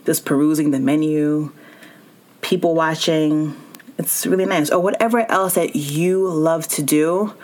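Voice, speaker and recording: A woman hosting a solo wellness podcast, talking straight to her listeners in an encouraging way. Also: sits low. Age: adult with child and spouse. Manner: warm encouraging, speaks directly to listener. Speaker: podcast host.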